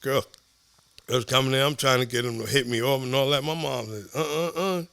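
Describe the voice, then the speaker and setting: Gravelly, bright-voiced New York man. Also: medium pitch, brisk, no echo. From Southside Jamaica Queens, New York. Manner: animated, profane, acts out quoted voices. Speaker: podcast guest. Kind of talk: casual storytelling.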